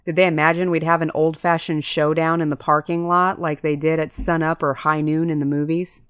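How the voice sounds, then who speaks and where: A woman's voice: flat delivery, a little fast, a bit bright, smooth, no echo, clean studio sound. A woman reading a first-person story as an audiobook narrator, switching into character voices for dialogue. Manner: voices characters with pitch lifts.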